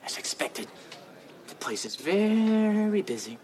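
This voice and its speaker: An actor playing an earnest, overeager young man in a sitcom, speaking in a self-serious way over loud studio laughter. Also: sits high, big pitch swings, slow pace, heavily acted. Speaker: son, sandwich shop worker. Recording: sitcom set with loud audience laughter and noise.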